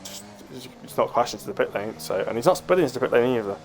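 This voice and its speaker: A man co-commentating a live sim race in a calm, dry, matter-of-fact way. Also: medium pitch, quick pace, slight background noise, low-quality recording.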